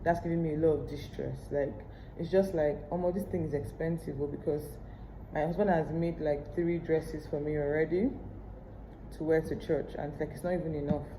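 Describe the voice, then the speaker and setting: A woman's voice: low-pitched, steady tone, normal speed, noisy background. A pregnant woman with a Nigerian English accent, chatting candidly to her camera at home in a casual vlog. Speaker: vlogger. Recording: roomy echo.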